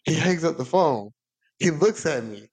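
A man, telling a long funny story on a podcast and acting out the voices of the people in it. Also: normal speed. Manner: animated, acts out quoted voices with big pitch jumps. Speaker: podcast host. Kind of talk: casual storytelling.

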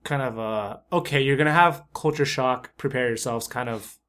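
A man who lives abroad as a teacher, co-hosting a casual chat and telling stories in a relaxed way with lots of filler words. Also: mid-range voice, normal speed. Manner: relaxed storytelling, many filler likes. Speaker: podcast co-host; expat teacher in Korea.

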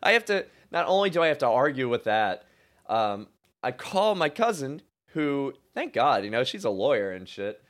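A young man telling a story in casual chat, laid-back, heavy on filler words and swearing, getting animated as he retells it. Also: mid-range voice, normal speed.

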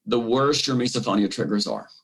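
A man, a misophonia therapist, explains treatment in an interview, speaking in a lively way and acting out inner voices in quotes. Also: mid-range voice, a little fast, slightly rough, rough recording. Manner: animated, acts out the brain's voice in quotes.

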